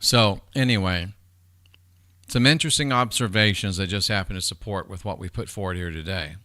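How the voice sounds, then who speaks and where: A man hosts a livestream in a loose, rambling way, swearing freely and speaking directly to the viewers in his chat. His voice sits fairly low but has a bright, forceful edge. The sound is close and dry, with no room echo. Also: a little fast. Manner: profane, rambling, talks straight to chat viewers. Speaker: livestream host.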